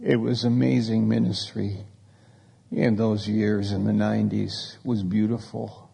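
A man delivers a sermon, moving between scripture and personal stories in an easy, conversational style. His voice is dark and gravelly. It carries a long reverb, as if he is speaking in a big hall. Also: lowish voice, level tone, measured pace. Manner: storytelling, conversational preaching with acted quotes. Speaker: pastor.

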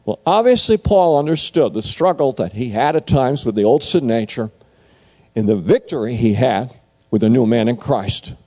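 A man preaching a sermon in an animated way, often restarting phrases and repeating "if you will". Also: mid-range voice, normal speed.

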